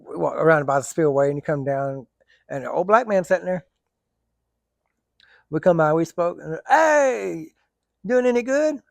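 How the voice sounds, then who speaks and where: A man's voice: fairly high pitch, vocal fry, dry recording. A man telling rambling, colloquial stories in a casual vlog and laughing often. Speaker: vlogger. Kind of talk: casual storytelling.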